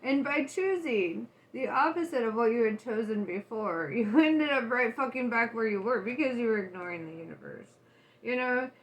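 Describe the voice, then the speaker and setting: A woman's voice: fairly high pitch, animated, moderate pace. A woman giving a casual tarot reading, candid and loose, swearing and laughing often. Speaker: tarot reader.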